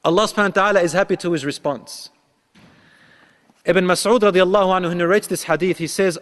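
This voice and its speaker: A man preaching a sermon, telling a story and acting out its dialogue with a rising voice, reciting prayers quickly. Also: high voice, fairly bright tone. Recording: long hall reverb.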